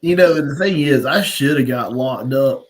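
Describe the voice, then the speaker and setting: A man's voice: medium pitch, normal speed. Casting: man, brash and profane, casual chat, slight background hiss.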